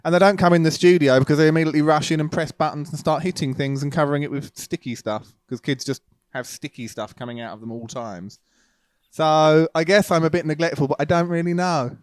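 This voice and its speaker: Man in his forties, fairly high pitched, smooth and resonant voice, dry close sound, frank and animated, joking as a guest. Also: no room sound. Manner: frank, animated, quick to joke. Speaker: guest musician. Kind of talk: casual interview chat. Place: home, remote call.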